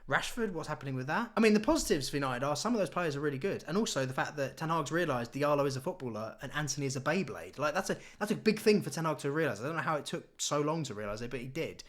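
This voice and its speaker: A man's voice: a little high, lively intonation, fast talker, few pauses. Sarcastic ranting young man. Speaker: football YouTuber. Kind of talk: casual opinion vlog.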